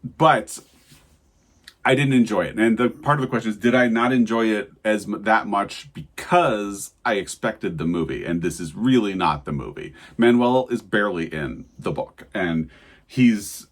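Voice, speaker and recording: Guy with a lowish voice doing a chatty book review, lots of detail and blunt opinions. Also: moderate pace. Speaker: book channel co-host. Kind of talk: casual book review chat.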